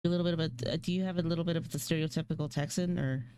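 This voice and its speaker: Woman streamer, low voice, dry close mic, wry rambling chat while drawing. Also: fairly even intonation, racing, dark tone, smooth, dry recording.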